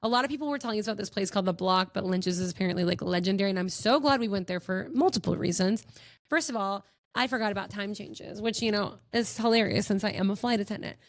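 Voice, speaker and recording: A woman's voice: medium pitch, fast, no echo, clean studio sound. A young woman hosting a podcast, telling stories in a bubbly, gushing way with lots of giggles. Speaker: podcast host. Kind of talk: casual chat.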